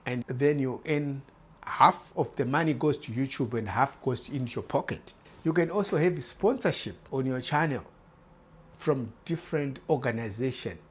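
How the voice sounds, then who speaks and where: A man with a husky, slightly rough voice of middling pitch speaks earnestly to the camera as the host of his own channel. He repeats phrases as he urges older viewers on. He sounds like someone around fifty. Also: lively intonation, moderate pace. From former British colony. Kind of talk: direct-to-camera talk.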